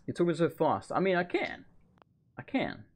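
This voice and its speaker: A man's voice: on the high side, huge pitch swings. Chatty man rambling over gameplay. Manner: rambling, chatty, quick asides to chat. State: overheated. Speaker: streamer. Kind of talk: live gameplay commentary. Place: home room.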